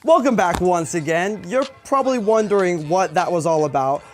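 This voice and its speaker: A young male host with a fairly high voice runs a student TV chat show in an upbeat, brisk way. Faint music plays behind him. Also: lively intonation. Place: student TV studio.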